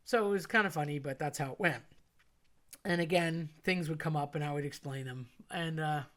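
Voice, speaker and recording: A woman's voice: sits low, fairly quick. A woman telling a personal story in a chatty, rambling way with many fillers. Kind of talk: casual spoken storytelling.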